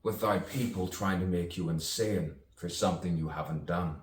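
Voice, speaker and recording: In a self-made recording, a deep-voiced man talks at a moderate pace, wandering through sardonic musings, posing questions to himself and chuckling at his own remarks. The sound is echoey, far from the mic, with a little background noise.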